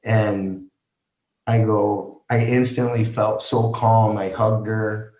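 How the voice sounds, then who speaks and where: A man guest on a podcast, slowly retelling a deeply personal story with halting restarts and quoted dialogue. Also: level tone, a little mellow, echoey room, low-quality recording.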